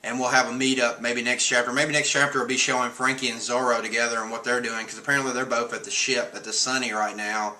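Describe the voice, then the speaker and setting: Bright-voiced man rambling through a review. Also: mid-range voice, flat delivery, fast, few pauses. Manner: rambling, chuckles often, swears casually. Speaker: streamer reviewing a comic chapter. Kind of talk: casual chat.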